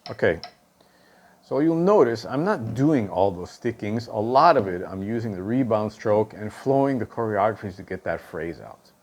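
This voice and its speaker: A man's voice: fairly low pitch, expressive, moderate pace, a little hiss or hum. A male drum instructor explaining stick technique, counting and calling out stickings and checking in with "okay?" after each point. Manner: counts and calls out stickings aloud.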